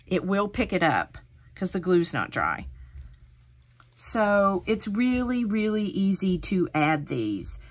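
A woman's voice: mid-range voice, fairly bright tone. A middle-aged woman hosting a hands-on craft tutorial, talking viewers through each step in a chatty, encouraging way.

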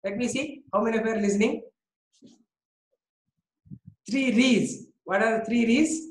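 A woman's voice: a little high, normal speed, reverberant, rough recording. A woman with an Indian English accent teaching a biology class, coaxing students and praising them by name.

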